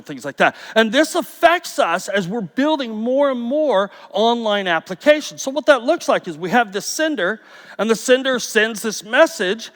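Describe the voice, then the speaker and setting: Animated joking man in a reverberant hall. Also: extremely high pitch, normal speed. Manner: storytelling, jokey, animated. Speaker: conference speaker. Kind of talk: conference talk.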